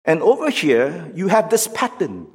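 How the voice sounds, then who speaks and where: Male preacher, slow and emphatic, somewhat high voice, big reverberant hall. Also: huge pitch swings. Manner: emphatic, rising to near shouts on questions, slow and deliberate. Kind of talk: sermon. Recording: long reverb of a large hall.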